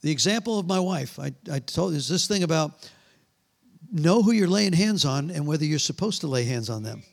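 Gravelly-voiced man telling stories in a sermon. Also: on the high side, moderate pace. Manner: animated storyteller acting out voices, trailing off mid-sentence. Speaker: pastor. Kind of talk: sermon with storytelling and prayer.

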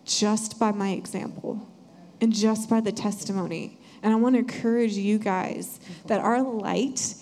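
A young woman sharing an earnest, animated church testimony. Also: mid-range voice, measured pace, slight background noise. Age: young adult. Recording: hall reverb.

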